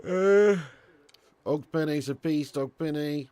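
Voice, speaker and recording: A man's voice: fairly high pitch, takes it slowly, warm tone, clean tone, no room sound, dull audio. A man, hosting a football watch-along live stream. He is sweary and full of banter, and he talks straight to his viewers. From Birmingham area, England.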